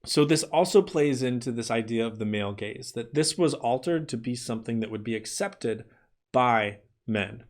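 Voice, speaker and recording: A man teaching an art history lesson in a clear, explanatory way, sometimes slipping into playful asides. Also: medium pitch, normal speed. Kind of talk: classroom lecture.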